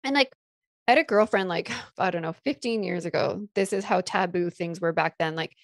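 A woman's voice: fairly low pitch, a little fast, no room sound, studio quality. A woman in her thirties chatting casually and frankly as a podcast guest, acting out quotes with gasps. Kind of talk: casual chat.

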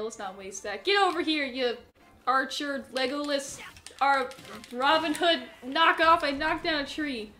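A young woman with a high, bright voice gives let's play commentary on her own game run as she plays. Excitable, she lets out panicked shrieks when things go wrong, then drifts into rambling, self-mocking chatter punctuated by laughs.

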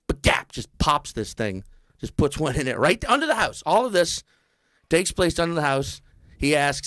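A man's voice: medium pitch, brisk, fairly bright tone, no room sound, studio quality. A man telling a comedy story in casual talk, acting out the voices of the people in it.

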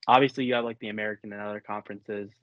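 Excitable young man hosting a podcast. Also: lowish voice, very fast, dry recording. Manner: excitable and opinionated, with frequent restarts. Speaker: podcast host. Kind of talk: casual sports podcast chat. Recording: dry, dull lo-fi audio.

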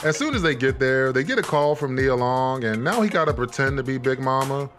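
A man's voice: mid-range voice, expressive, brisk, fairly bright tone, faint music behind. A man giving blunt, sarcastic, profane commentary while recapping a movie on a reaction stream.

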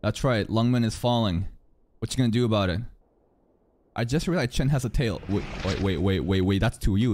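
A man reacting live to an anime episode, excitable and profane, swinging between loud outbursts and low muttering. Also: brisk, background noise.

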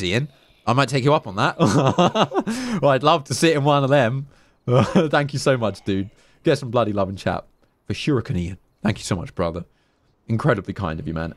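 A man's voice: medium pitch, dry recording. A young English man streaming a survival game, chatting casually, swearing freely and thanking donors by name. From England. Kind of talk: live gameplay commentary.

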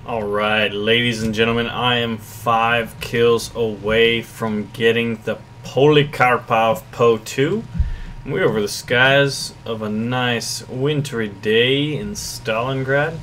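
A man's voice: medium pitch, slow pace, fairly bright tone, slight background noise. A man hosting gameplay commentary in a plain, matter-of-fact way. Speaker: gaming channel host.

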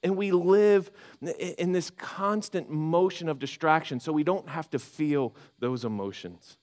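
A man preaching a sermon as pastor, conversational and animated, acting out inner voices with frequent restarts. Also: on the high side, a little slow. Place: church sanctuary.

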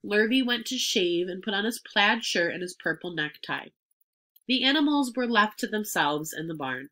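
A woman reading a children's book aloud expressively, now and then stopping to explain a word. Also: medium pitch. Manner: expressive, pauses to explain words. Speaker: reader.

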